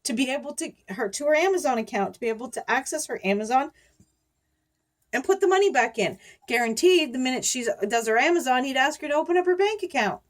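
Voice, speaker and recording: A middle-aged woman with a slightly high voice chatting to camera as a YouTuber. She rambles, circles back on herself and laughs between words while telling a story. Her talk is casual and loose. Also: expressive, fast. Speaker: YouTuber warning viewers about scammers.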